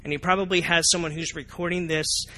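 A man preaches a sermon from the front of a church. His voice sits a little high and sounds bright and forward. He keeps things lively, putting questions to the congregation and acting out their reactions. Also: fairly quick. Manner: animated, asks the congregation questions, acts out reactions. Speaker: pastor. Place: church sanctuary.

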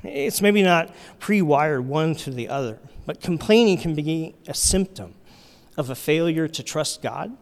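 A man's voice: a little high, animated, a little slow, vocal fry. A middle-aged man, a pastor, preaching in a conversational, candid, self-deprecating way. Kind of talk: sermon. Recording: hall reverb.

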